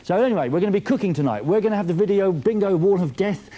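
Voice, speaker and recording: A man's voice: high voice, expressive, quick pace, mellow. A man hosting a music TV show, chatty and self-mocking in a playful way. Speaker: TV host. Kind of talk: jokey TV show presenting.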